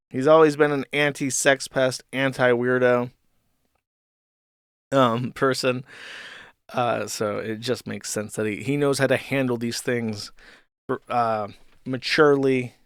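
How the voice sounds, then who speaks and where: A man's voice: mid-range voice, smooth, no room sound. Dry-toned man with offhand commentary. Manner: dry, offhand, hesitant with ums. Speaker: host. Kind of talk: casual stream commentary.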